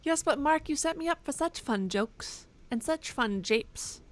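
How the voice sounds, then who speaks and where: A woman's voice: high-pitched, animated, a little slow. A young woman streaming a game, talking casually with sarcastic, self-mocking jokes and snatches of song. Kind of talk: casual live-stream commentary.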